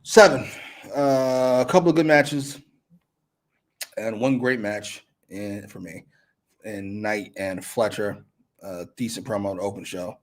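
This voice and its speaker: A man's voice: fairly low pitch, unhurried. A man co-hosting a casual wrestling review chat with blunt, profane, wry banter. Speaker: co-host of wrestling review show.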